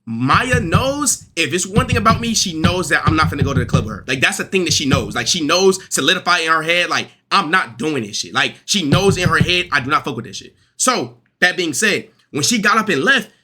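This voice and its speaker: A man's voice: fairly high pitch, expressive, fairly quick, hardly any pauses, bright, forceful tone, breathy edge. A young man in a heated group discussion, insisting on his side with repeated calls to listen and casual swearing. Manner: emphatic, repeats "listen" to hold the floor, swears.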